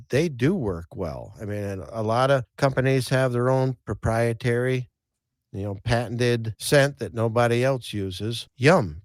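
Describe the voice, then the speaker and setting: This male podcast host swaps fishing stories in an easygoing, folksy storytelling style, with many restarts and repeated words. The medium-pitched voice comes through on a dry, studio-quality recording.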